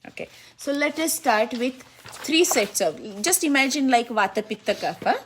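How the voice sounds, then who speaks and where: A woman's voice: a little high, lively intonation, normal speed, slight background noise. Woman ayurvedic doctor walking a client thru her routine, repeats the important bits, laughs a lot. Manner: instructive, repeats key instructions, laughs easily. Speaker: Ayurvedic physician. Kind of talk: one-on-one consultation with a client.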